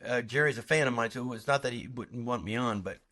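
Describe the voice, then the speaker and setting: A male comedian chatting as a podcast guest, with a voice of ordinary pitch. He tells stories in a loose, rambling way, with fillers and restarts, and acts out the people in them. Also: fast, pushed and bright. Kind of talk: casual interview chat.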